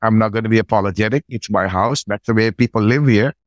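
A middle-aged man, a podcast guest, telling a personal story in a relaxed conversational way and acting out his own side of past conversations. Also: fairly low pitch, fast talker, dry recording.

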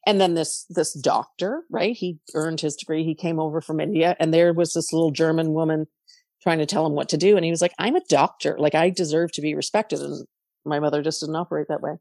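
Middle-aged Canadian woman, low voice, animated storyteller, dry close recording. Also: fairly quick, no echo. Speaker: podcast guest, coach. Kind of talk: casual interview talk.

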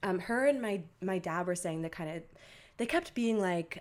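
Chatty young woman podcast co-host, low voice. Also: lively intonation, measured pace. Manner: chatty storytelling, many "like" fillers, acts out family quotes. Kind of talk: casual podcast chat.

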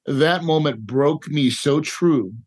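Slow and slightly rough, with a fairly high, somewhat mellow pitch, this middle-aged real estate investor recounts a personal story as a guest in a candid podcast interview. His telling is emotional and circles back on itself, with "right?" and "dude" tacked onto many lines.

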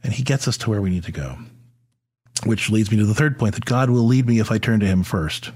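A middle-aged podcast host talks conversationally to fathers about faith, his brisk, lowish voice a little mellow and husky. He often uses fillers, restarts sentences, and repeats words.

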